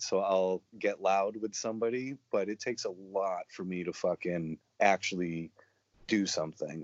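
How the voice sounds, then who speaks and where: A man's voice: low voice, no room sound, dull audio. A man telling rambling, profanity-laced stories in a casual chat. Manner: profane, rambling, matter-of-fact.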